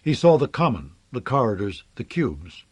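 Man with a lively reading voice. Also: mid-range voice, moderate pace, breathy edge, no room sound. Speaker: narrator. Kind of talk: audiobook narration.

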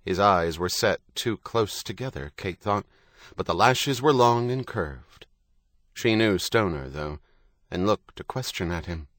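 A man reading a novel aloud in steady, even narration. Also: sits low, unhurried, no room sound, clean studio sound. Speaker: audiobook narrator. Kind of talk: scripted narration.

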